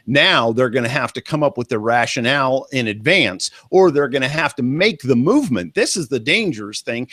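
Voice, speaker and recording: A man's voice: medium pitch, a bit bright, no room sound, studio quality. A man co-hosting a news commentary, speaking earnestly and warning listeners, with fillers. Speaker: news show co-host.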